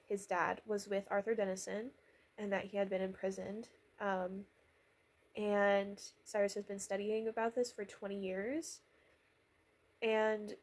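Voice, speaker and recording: A woman's voice: mid-range voice, darkish tone. Chatty, sarcastic young woman recapping. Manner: chatty and sarcastic, lots of fillers, quotes characters in her own voice. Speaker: vlogger recapping a miniseries. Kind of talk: casual rambling recap.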